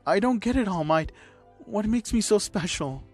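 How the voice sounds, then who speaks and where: A man voicing a troubled teenage boy who is near tears, speaking in a shaky, halting way. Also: mid-range voice, darkish tone, faint music behind, natural voice. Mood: upset. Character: troubled teen boy hero student, tearful.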